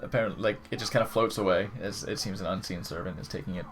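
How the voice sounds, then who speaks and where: A man's voice: low voice, fast. A man narrating as game master of a tabletop game, rambling with many restarts and laughs.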